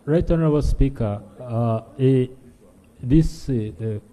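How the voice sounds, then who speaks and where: Hesitant, dark-voiced Ugandan official. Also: male voice, medium pitch, unhurried. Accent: Ugandan English. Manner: hesitant, many fillers. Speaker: attorney general. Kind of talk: parliamentary reply. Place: parliament chamber. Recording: long reverb of a large chamber.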